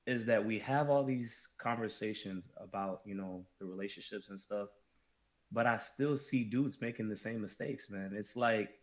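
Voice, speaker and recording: A man's voice: lowish voice, normal speed, dull audio. A man talking in a casual podcast discussion, emphatic and often restarting his sentences.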